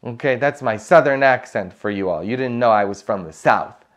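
A man's voice: mid-range voice, normal speed. A man preaching a sermon as a priest, telling stories with emphasis and humor. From Poland.

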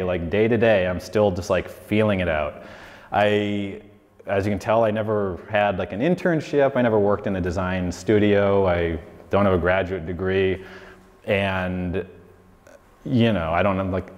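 The long reverb of a lecture hall surrounds a low-pitched, slightly mellow male voice. He's a designer in his forties recounting his story in a loose, rambling lecture with plenty of "like" and "you know."

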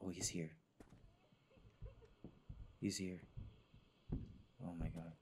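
A hoarse young man commentating a horror game, jittery and repeating himself as he plays. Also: sits low, level tone, heavy background noise. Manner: jittery, talks to himself, repeats words rapidly. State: hoarse, sore throat. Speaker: gaming channel host.

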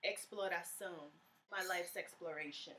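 A woman's voice: fairly low pitch, normal speed, slight background noise. A woman guest in a playful chat, teasing and theatrical, explaining translation. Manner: teasing, theatrical, swings loud.

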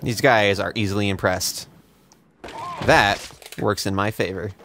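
Here the let's play host, a young man, keeps up his casual gameplay chatter, full of sarcasm, swearing, and jokes at his own expense. He speaks at a measured pace in a lowish, fairly bright voice with fairly even intonation, over slight background noise.

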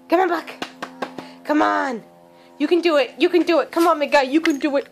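High-voiced woman coaxing her dog. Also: normal speed, pauses often, faint music behind. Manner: chatty, coaxing pet talk. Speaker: dog owner filming her pet. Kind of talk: casual home video vlog.

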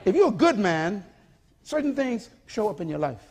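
A man's voice: high voice, sing-song, normal speed, husky. A man preaching a sermon in an emphatic, repetitive style, calling on the congregation to respond.

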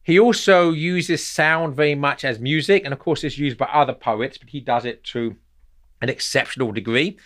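Halting man explaining poetry. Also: a little high, fairly bright tone. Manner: halting, thinking aloud, with many repeated words. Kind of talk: unscripted explanatory talk.

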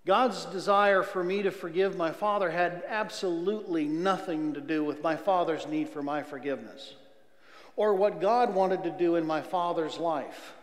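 A guest speaker, an earnest middle-aged man, delivers a testimony sermon at a normal speed in a slightly high voice. Swinging from near whispers to loud outbursts, he's heard with the long, echoey reverb of a spacious church hall.

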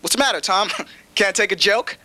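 A man's voice: sits high, moderate pace, lightly acted. A man voicing a blunt streetwise guy who teases brashly in slang. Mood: teasing. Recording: noisy old TV recording.

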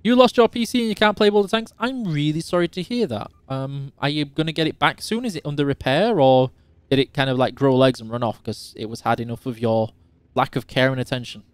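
A man's voice: mid-range voice, brisk, smooth, dry recording. A man from Yorkshire hosting a live game stream, chatting casually and teasing while reading out chat questions. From Yorkshire, England.

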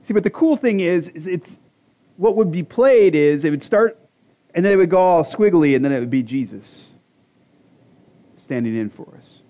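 A man's voice: high voice, lively intonation, moderate pace, pauses often, dark tone, dull audio. A man in his forties preaching a conversational sermon as a pastor, with self-deprecating jokes and rhetorical questions to the congregation. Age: 40s. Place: church sanctuary.

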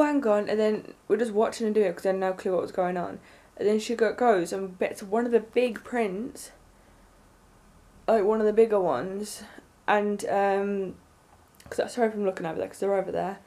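A young woman vlogging, telling a story in an excited, rambling way with lots of fillers. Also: mid-range voice. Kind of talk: casual storytelling to camera.

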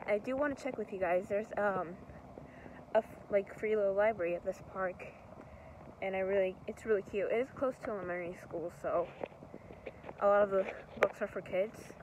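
Young woman vlogger, casual and rambling, mid-pitch, steady background noise. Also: normal speed, low-quality recording. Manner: chatty, rambling, upbeat. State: slightly out of breath while walking. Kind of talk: casual vlog chat to camera. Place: outdoors in a park at sunset.

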